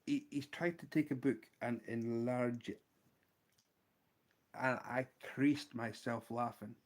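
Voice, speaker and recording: A man with a Scottish accent hosting a casual livestream, showing fly-tying materials and telling an animated story, laughing often. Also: mid-range voice, slow pace. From Scotland. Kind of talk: casual livestream chat and anecdote.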